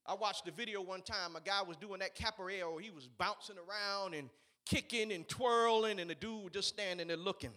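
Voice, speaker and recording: A man preaching a sermon, swinging between shouted, fiery peaks and quiet, conversational asides. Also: sits high, moderate pace. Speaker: pastor.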